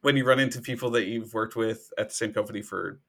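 A man's voice: on the low side, steady tone, fast, vocal fry, fairly bright tone. A man co-hosting a podcast in casual chat, laughing often and swearing casually. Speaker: podcast co-host.

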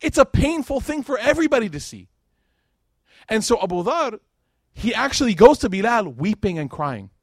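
A man giving a religious lecture to a live audience, telling stories in a lively, casual way with plenty of slang and fillers. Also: high-pitched, moderate pace, no echo, clean studio sound. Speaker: Islamic lecturer.

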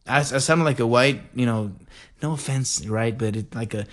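A man from the El Paso area hosting a podcast, rambling in an animated, digressive way. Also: mid-range voice, fairly quick. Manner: animated, digressive, says "freaking" a lot. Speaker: podcast host. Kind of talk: rambling casual monologue.

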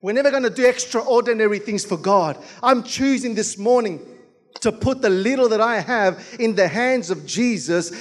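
Fervent high-voiced man preaching. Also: expressive, normal speed. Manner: fervent, rhythmic preaching with repeated calls to the church. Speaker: pastor. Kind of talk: sermon.

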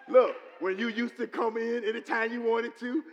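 High-voiced preacher in a reverberant hall. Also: male voice, steady tone, moderate pace, muffled recording. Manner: repetitive, building to loud exclamations. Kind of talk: sermon.

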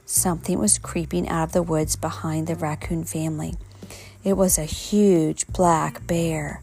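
A woman's voice: sits low, steady tone, moderate pace, creaky, dark tone, breathy edge. A woman reading a children's storybook aloud at home, an unpolished reading with slips and self-corrections. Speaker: reader.

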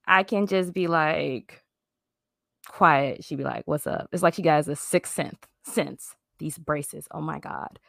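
A woman co-hosting a casual group chat, speaking earnestly and affectionately in short, halting phrases. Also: low voice, vocal fry, no echo, studio quality.

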